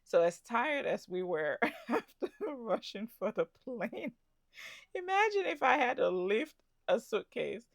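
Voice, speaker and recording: A woman's voice: fairly high pitch, big pitch swings, measured pace, vocal fry, dry recording, clean studio sound. A woman telling her travel story in a chatty vlog, with asides to the viewer. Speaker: travel vlogger. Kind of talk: casual travel vlog narration.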